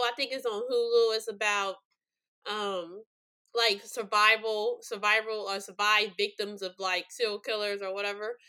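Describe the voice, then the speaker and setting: A woman's voice: on the high side, pushed and bright, clear, resonant tone. A young woman hosting a true-crime podcast, rambling with many fillers and choked up, near tears. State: tearful. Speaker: podcast host.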